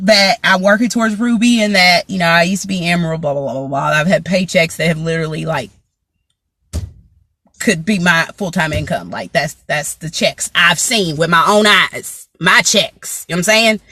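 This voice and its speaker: A woman vlogger telling a story to her viewers in a casual, slangy, animated way. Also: fairly low pitch, moderate pace, dry recording. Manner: animated, slangy, talks straight to the audience.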